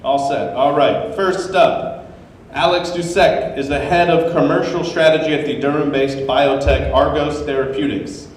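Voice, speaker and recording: A man's voice: on the high side, fairly even intonation, normal speed. A man hosting a live event, giving upbeat, joking welcome remarks and house rules to an audience. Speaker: event host. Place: large open ground-floor hall. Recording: echoey hall, mic far off, faint room noise.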